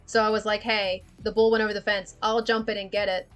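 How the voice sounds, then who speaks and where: A woman's voice: medium pitch, little pitch movement, fast talker, soft background music. A young woman, chatting candidly on a livestream, swearing freely and laughing often. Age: young adult. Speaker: livestream host. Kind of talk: casual livestream chat.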